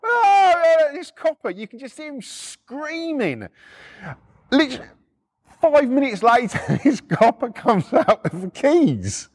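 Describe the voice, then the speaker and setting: A man's voice: big pitch swings, measured pace, slightly rough, no echo, studio quality. A middle-aged man, telling stories in a blunt, swearing manner and acting out the quotes. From United Kingdom. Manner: blunt, swearing, acts out quotes with shifts in pitch. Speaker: podcast storyteller. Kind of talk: casual first-person storytelling.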